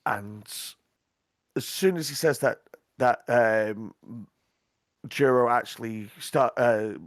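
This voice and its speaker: A man narrating as game master, hesitant and full of pauses. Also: medium pitch, no room sound, clean studio sound. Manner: hesitant, full of ums and restarts.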